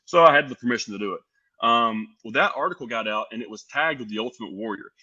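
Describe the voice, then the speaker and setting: Animated young man, bright lo-fi voice. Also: mid-range voice, quick pace. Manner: animated, lively storyteller acting out quotes. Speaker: podcast guest, pro wrestler. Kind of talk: casual storytelling.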